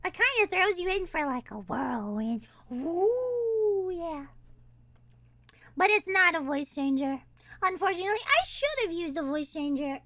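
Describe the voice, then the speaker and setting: A woman chats on her live stream in an extremely high, bright voice. She talks slowly and bounces between notes. She giggles and rambles, often restarting mid-sentence. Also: very animated, no room sound. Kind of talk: casual live-stream chat.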